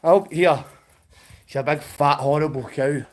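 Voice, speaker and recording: A man's voice: on the high side, moderate pace. A man with a Scottish accent, ranting and swearing as he streams, mocking people he is angry at. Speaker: livestreamer. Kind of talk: profane livestream rant.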